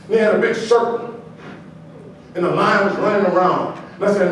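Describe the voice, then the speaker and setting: Middle-aged male motivational speaker, high voice, storytelling cadence, distant echoey hall. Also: brisk, long pauses. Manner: animated, preacher-like repetition and building cadence. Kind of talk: motivational speech with humorous storytelling. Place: large hall at a podium. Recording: echoey hall, voice from far off, faint noise.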